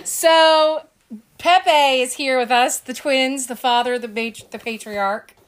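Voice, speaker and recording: A woman's voice: high-pitched, takes it slowly, smooth. A woman with a Southern US accent hosting a casual podcast, giggling and protesting. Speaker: podcast host.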